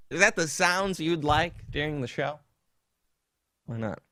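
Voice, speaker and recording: A man's voice: on the high side, lively intonation, unhurried, pushed and bright, no room sound. A man hosting a podcast, chatting casually with a jokey, rambling, mocking manner. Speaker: podcast host. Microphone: desktop streaming setup.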